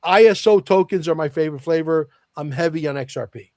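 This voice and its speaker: A man's voice: on the high side, fairly quick, darkish tone, dry recording. Emphatic man, dry close sound. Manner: emphatic, repeats key lines for effect. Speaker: guest. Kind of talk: podcast interview talk.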